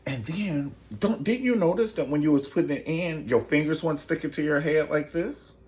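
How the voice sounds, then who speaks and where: A man hosting a casual gossip commentary show, sassy and theatrical, jumping into high falsetto exclamations. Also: normal speed, a little mellow. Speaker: show host.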